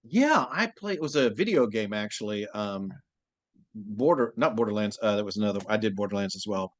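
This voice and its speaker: A man's voice: lowish voice, fairly quick, no echo. A man from Texas, a voice actor, telling anecdotes in a casual interview. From Texas, USA. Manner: animated anecdotal storytelling. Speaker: voice actor guest.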